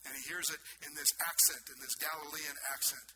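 A man delivers a sermon in a high-leaning, strikingly bright voice. He swings between hushed and forceful delivery and drives his points home by repeating phrases. A faint noise sits behind him. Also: steady tone, brisk, few pauses, poor audio. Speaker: pastor.

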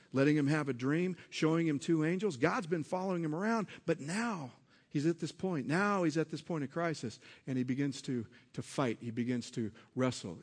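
A male pastor preaches, directing questions at his listeners and swinging from quiet, low-voiced passages to loud, emphatic ones, with a breathy edge to his voice.

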